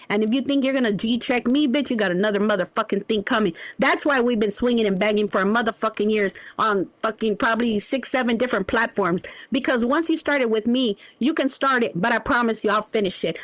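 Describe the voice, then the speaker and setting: Brief: woman streamer, high voice, dry close sound, foul-mouthed confrontational rant. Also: a bit bright, dry recording. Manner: profane, confrontational, drawn-out insults. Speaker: livestream host. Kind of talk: heated livestream rant.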